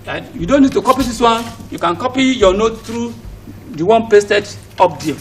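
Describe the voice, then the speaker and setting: A man's voice: extremely high pitch, expressive, normal speed, recorded from a distance, a little hiss or hum, poor audio. A man with a Nigerian accent teaching an English lesson. He drills pronunciation by asking questions and repeating each word. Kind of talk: recorded classroom lesson for students at home.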